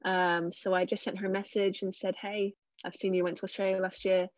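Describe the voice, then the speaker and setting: A woman's voice: mid-range voice, level tone, brisk, no room sound, muffled recording. A woman in her twenties from England, chatting casually as an interview guest, with plenty of fillers and a self-deprecating way of telling it. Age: 20s. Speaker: cricketer guest.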